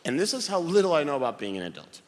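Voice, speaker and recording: A young man doing a stand-up comedy set before a live audience, telling stories in an animated way and acting out characters in bursts. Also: a little high, racing, noisy background. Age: young adult. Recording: live venue with long hall reverb and faint ambience.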